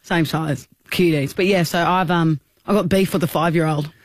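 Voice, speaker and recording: A young woman co-hosting a podcast, telling lively stories in casual chat and acting out kids' voices. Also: sits low, moderate pace, dry recording. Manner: animated storyteller, acts out kids' voices. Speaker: podcast co-host.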